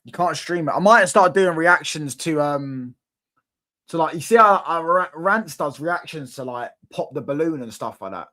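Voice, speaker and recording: Animated and pushed bright, this young livestream host's fairly high voice moves at a moderate pace as he responds to viewer comments. His chat is rambling and slangy, with frequent repetition and laughter.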